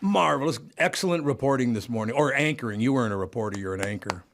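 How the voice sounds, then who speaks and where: A man hosting a casual radio talk show, joking and teasing his guests, his voice a little higher than usual from lingering throat trouble. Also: lively intonation, fast talker, noisy background. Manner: joking, teasing, laughs often.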